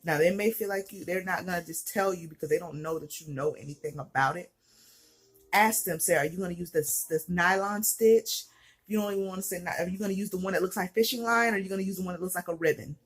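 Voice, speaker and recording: A woman's voice: fairly low pitch, quick pace, breathy edge, soft background music. A heavily pregnant young woman, out of breath, telling a personal story in a chatty, candid way full of fillers. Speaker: vlogger.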